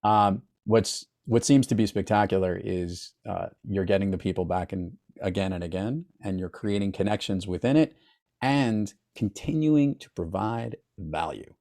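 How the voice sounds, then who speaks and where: A man with a fairly low voice hosts an interview podcast. He sounds upbeat and enthusiastic, and he often turns to speak straight to his listeners. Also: normal speed, a little mellow. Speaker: podcast host. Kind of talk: casual interview chat.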